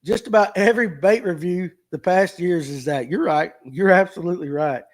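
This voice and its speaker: A man's voice: sits high, moderate pace. A middle-aged man, hosting a live fishing talk show and chatting casually as he reads out viewer comments and jokes about them. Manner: folksy, joking, reads comments aloud and riffs on them. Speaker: host of a fishing talk stream.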